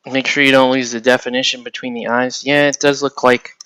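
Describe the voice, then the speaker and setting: A man's voice: mid-range voice, brisk, clean tone, no echo. A man casually talking through painting a miniature, thinking aloud and trailing off as he works. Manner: relaxed, thinking aloud while painting, trailing off mid-sentence. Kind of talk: casual painting tutorial talk.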